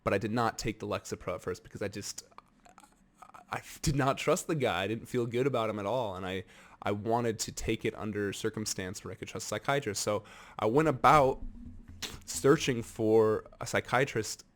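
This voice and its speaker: Young american man, earnest vlogger, lowish voice, candid storytelling. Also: normal speed, fairly bright tone. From United States. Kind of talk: candid personal vlog talk.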